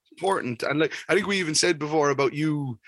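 An Irish man co-hosting a podcast, telling sweary stories in an animated, casual way. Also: a little high, fast talker, dry recording. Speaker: podcast co-host. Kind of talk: casual chat.

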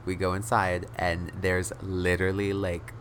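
A young man on his own podcast tells a story casually, mic close, swearing often, saying "like" a lot and laughing between phrases. Yet his low voice is delivered completely flat, a little slow, with a fairly bright tone. A little hiss or hum sits under the recording.

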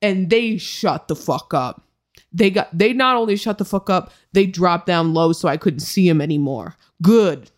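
A woman's voice: fairly low pitch, moderate pace. Profane young woman telling a story. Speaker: podcast co-host. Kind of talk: casual podcast chat.

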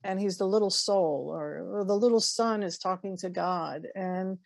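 A woman's voice: medium pitch, moderate pace, vocal fry, no room sound. Earnest woman in spiritual chat. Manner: warm, earnest, repeats words and restarts often.

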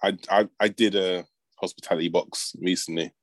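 A man chatting as a guest on a football podcast, animated when telling stories and saying "mate" a lot. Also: low-pitched, moderate pace, rough recording. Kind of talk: casual chat.

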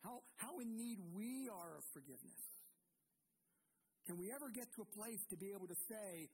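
A man, a pastor, preaching an earnest sermon with emphatic pauses and repeated words. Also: sits high, expressive, darkish tone, a little hiss or hum, poor audio.

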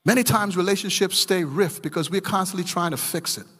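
A man's voice: sits high, a little fast, hardly any pauses, bright, forceful tone, in a large hall. A man preaching a sermon as a pastor, with emphatic delivery and a storytelling manner. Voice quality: gravelly, husky.

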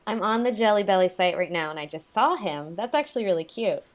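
Young female podcast co-host, bubbly, pitch swooping up and down, giggles. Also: expressive, fast. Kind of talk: casual chat.

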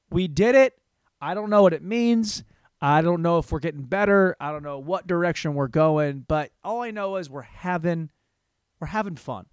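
A man's voice: a little high, moderate pace, clean tone, no room sound, studio quality. A man in his thirties hosting a solo comedy podcast. He talks in a crude, rambling, self-mocking way. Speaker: podcast host.

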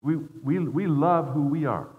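Guest preacher, male, earnest sermon delivery with repeated words, slightly muffled in a long-echo sanctuary. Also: a little slow. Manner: earnest preaching, voice dropping low and rising for emphasis; repeats words when building a point. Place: church sanctuary. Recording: dull sound in a long-reverb hall.

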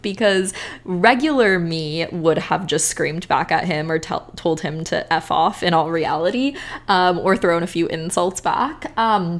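A young woman hosting a self-help podcast, talking casually and chattily to her listeners about emotional triggers. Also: lowish voice. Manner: casual and chatty, frequent "like" and "you guys". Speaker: podcast host and manifestation coach.

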